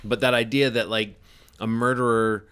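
A man hosting a podcast chats casually, joking about a recording that got lost. His mid-range voice is smooth and moves at a normal speed, and his manner is relaxed and rambling.

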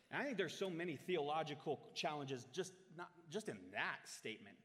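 A man preaching a sermon to a congregation, swinging from loud, dramatic scripture readings to quiet, reflective asides. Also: fairly high pitch, animated, fairly quick, hardly any pauses. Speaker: pastor. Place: church hall. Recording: long hall reverb. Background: congregation in the room.

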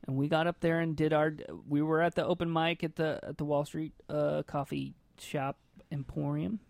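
A man's voice: on the high side, level tone, moderate pace, creaky, no echo. A man hosting a casual comedy podcast, rambling about what he is doing and laughing often, sometimes moving away from the mic. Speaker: podcast host. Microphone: moves on and off the mic.

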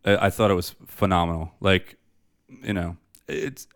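A podcast co-host with a low, steady, smooth voice chats casually and enthusiastically about movies at normal speed. The movie review talk is loose and profane, packed with fillers.

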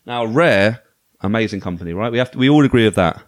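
A man talking casually and with enthusiasm about retro games. His pitch swings up and down a lot as he restarts his sentences. The sound is dry and close, with little room behind it. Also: lively intonation, fast, no room sound. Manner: enthusiastic, chatty, with frequent restarts. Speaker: podcast host.

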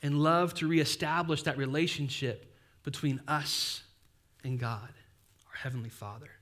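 Casual, lively young male pastor. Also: a little high, a little slow. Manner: casual, animated preaching with playful asides. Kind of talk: sermon.

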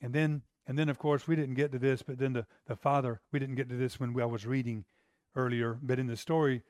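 A man's voice: medium pitch, little pitch movement, brisk, a little mellow, no echo, clean studio sound. A man preaching a sermon as pastor, in an emphatic, exclamatory, conversational way.

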